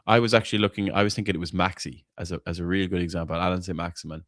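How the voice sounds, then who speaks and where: A man's voice: sits low, fairly even intonation, racing, a bit bright, dry recording, studio quality. A man hosting a casual football fan chat, blunt and opinionated, swearing freely and tripping over repeated words as he argues his point. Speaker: podcast host.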